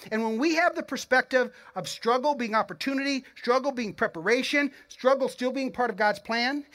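A pastor preaches an earnest, encouraging sermon in a mid-range, medium-pitched voice that's slightly bright. Speaking conversationally and directly to the congregation, he often repeats words as he restarts his thoughts.

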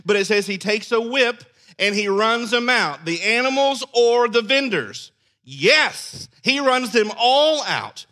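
A man preaching a sermon, animated and acting out scenes in character voices. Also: extremely high pitch, slow. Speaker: pastor.

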